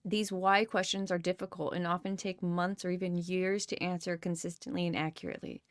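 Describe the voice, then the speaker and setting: A woman's voice: fairly low pitch, little pitch movement, fairly quick, clean tone, no room sound, studio quality. A woman reading a self-help book aloud and stopping often to comment and swear casually. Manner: reads, rereads and comments with swearing.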